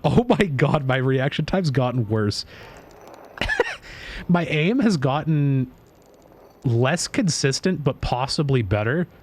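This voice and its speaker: A man streaming live, chatting casually while gaming, boastful and excitable, swearing freely. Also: medium pitch.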